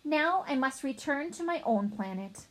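A woman's voice: high voice, animated, measured pace, voice pushed up. A woman voicing a sentimental male alien teacher in a children's storybook, speaking earnestly and formally. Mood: earnest farewell.

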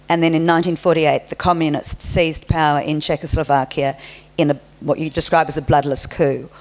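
Low-voiced woman interviewer. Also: a little mellow. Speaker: interviewer host. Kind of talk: radio interview questions.

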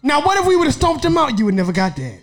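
A man telling a story in casual chat, animated and laughing often as he acts out the people in it. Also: extremely high pitch, fast talker.

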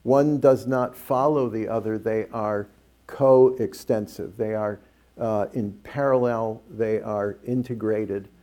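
A middle-aged priest with a mellow, warm voice tells a story and acts out every line of dialogue in it. He then moves into a plain teaching tone on scripture. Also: fairly low pitch, slow. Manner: animated storyteller who acts out quoted dialogue.

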